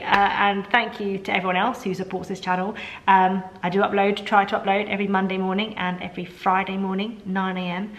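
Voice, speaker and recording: A woman's voice: medium pitch, a bit bright. Chatty woman in her thirties, rambling. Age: 30s. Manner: rambling, chatty, self-deprecating with restarts and asides. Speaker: vlogger. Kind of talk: casual video diary.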